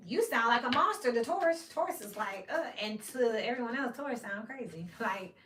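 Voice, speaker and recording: A woman's voice: a little high, a little fast, hardly any pauses. A woman from Memphis, giving a casual tarot reading, blunt and profane, acting out the people she quotes. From Memphis, United States. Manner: blunt, profane, animated, acts out quoted voices. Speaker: tarot reader. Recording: echoey room, mic at a distance, faint hiss.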